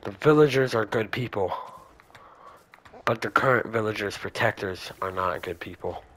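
A young man giving casual let's play commentary, chatting to the game's characters and breaking into excited shouts. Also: lowish voice, normal speed. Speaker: gamer.

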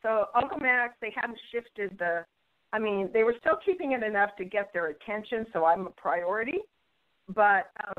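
A woman guest telling a personal story in an interview, bubbly and animated, acting out what others said. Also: medium pitch, normal speed, narrow, tinny audio. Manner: bubbly, animated storyteller who acts out quoted voices.

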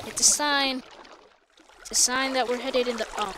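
High-voiced woman rambling over a game. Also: measured pace, very noisy. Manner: rambling, self-correcting, talks to viewers. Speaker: gamer. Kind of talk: casual gameplay commentary.

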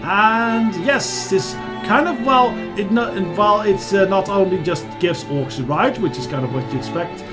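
A man narrates his game playthrough in a high, lively voice, wandering through half-finished thoughts with plenty of fillers. Game music plays loudly behind him. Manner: rambling, animated, lots of fillers. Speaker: let's play host. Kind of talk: video game commentary.

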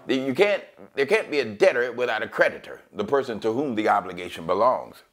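A man preaching a sermon as pastor, teaching verse by verse and quoting scripture in a raised, drawn-out voice. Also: medium pitch. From United States. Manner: emphatic preaching, quotes scripture in a raised, slowed voice.

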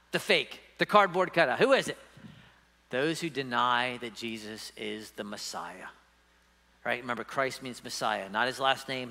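A man's voice: mid-range voice, pushed and bright, long reverb tail. A man preaching a sermon as pastor, emphatic and conversational, often checking in with the congregation. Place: church sanctuary.

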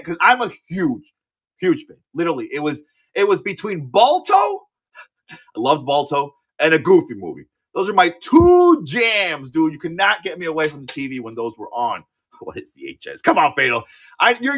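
An excitable man in his thirties runs a live sales stream in a slightly raised, bouncy voice. His tone is bright and cutting, and he swears freely and trips over repeated words as he chats along. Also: a little high. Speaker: live-auction seller. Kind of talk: casual livestream sales chat.

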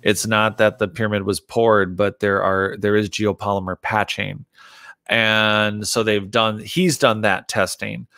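A man's voice: lowish voice, level tone, a little slow, bright, forceful tone, no echo. A man as a guest on a talk show, explaining at length and hedging with fillers. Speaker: guest documentary maker. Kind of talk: conversational interview.

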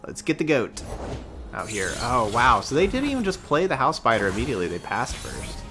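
A man's voice: medium pitch, huge pitch swings, brisk, music in the background. A man streaming a card game, giving casual commentary as he plays, thinking aloud and correcting himself as he goes.

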